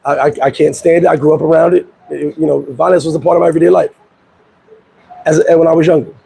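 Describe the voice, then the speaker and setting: A man hosting a casual commentary video, telling a story in an animated way and acting out the people he quotes. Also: on the high side, fast, vocal fry, a little hiss or hum, low-quality recording. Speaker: vlog host. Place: Dominican Republic.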